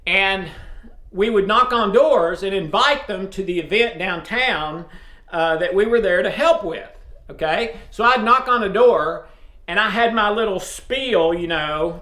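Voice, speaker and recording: A man from East Tennessee with a strong Southern accent, casually and loudly addressing viewers as host of a faith video series. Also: high-pitched. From East Tennessee, USA. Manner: loud, speaks up forcefully. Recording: roomy echo.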